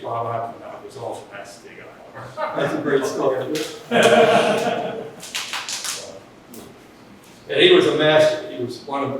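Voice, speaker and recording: Guy rambling through an old story, mic far away, really echoey room, noisy. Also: mid-range voice. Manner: rambling, restarts, chuckles at his own story. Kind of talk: casual anecdote. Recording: distant echoey room with background noise.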